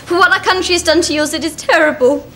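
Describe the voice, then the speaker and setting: Dry young barmaid. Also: female voice, very high-pitched, fairly even intonation, fast, noisy background. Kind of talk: sitcom acting.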